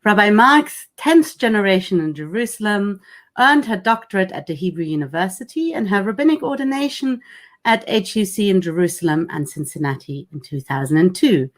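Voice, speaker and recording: A woman who is a rabbi chairs the session, formally introducing the panel speakers in a measured, read style. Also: medium pitch, expressive. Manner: measured and formal, reading bios.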